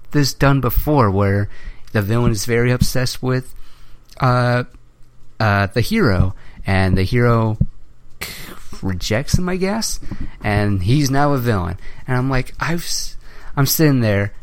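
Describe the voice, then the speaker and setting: A man's voice: mid-range voice, clean tone. A man hosting a podcast, chatting casually and ranting in a rambling way, with swearing. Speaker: podcast host.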